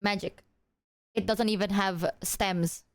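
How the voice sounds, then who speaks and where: A woman streamer telling stories to her chat in a lively, profane, chatty way. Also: medium pitch, slow pace, no room sound, studio quality. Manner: animated, profane storytelling, talks to chat. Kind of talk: casual livestream chat.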